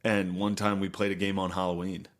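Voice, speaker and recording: Low-voiced young podcast co-host. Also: male voice, level tone, a little fast. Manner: drawling, swears, acts out quotes. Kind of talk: casual crude chat, storytelling.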